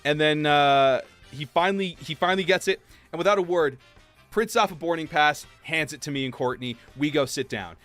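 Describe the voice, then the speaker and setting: A young man livestreaming, casually telling a story while gaming, acting out quotes in high voices. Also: normal speed, fairly bright tone. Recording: faint game music behind.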